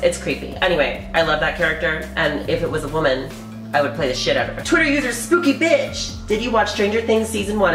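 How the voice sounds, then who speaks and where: In a roomy-sounding recording, a deep-voiced woman vlogger chats casually from her living room, answering questions from viewers. She's candid throughout, frequently laughing and cursing.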